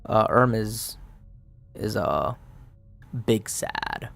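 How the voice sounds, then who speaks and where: A man playing a solo tabletop game, muttering dice counts aloud and narrating the results in a relaxed, casual way. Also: on the low side, extremely slow, vocal fry. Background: faint background music.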